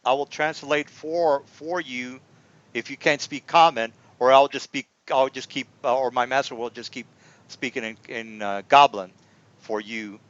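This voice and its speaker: A man's voice: mid-range voice, fairly even intonation, measured pace, a bit bright, natural voice. A man voicing an impatient male hobgoblin sergeant who talks bluntly and scolds. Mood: curt. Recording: dull lo-fi recording.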